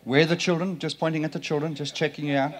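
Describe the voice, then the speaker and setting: A middle-aged man preaching a sermon in a church, playful and animated, quizzing the congregation. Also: a little high, fast. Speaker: pastor. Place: church sanctuary.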